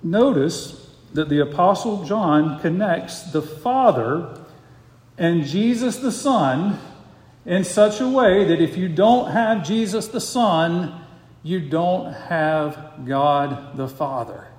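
A man's voice: a little high, animated, slow, a little mellow. A man preaching a sermon as pastor, earnest and emphatic, pressing his points with rhetorical questions. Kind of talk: expository sermon. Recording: echoey hall with long reverb.

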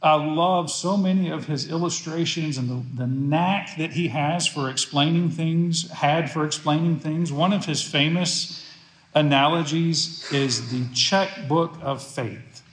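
A man's voice: fairly high pitch, a little slow. A man preaching a sermon as pastor, emphatic and repeating phrases for stress. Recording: echoey room.

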